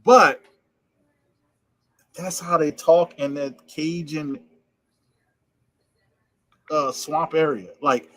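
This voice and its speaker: A man from Louisiana hosting a podcast in a relaxed, casual chat, often repeating himself and laughing. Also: on the high side, extremely slow, long pauses, no room sound. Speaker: podcast host.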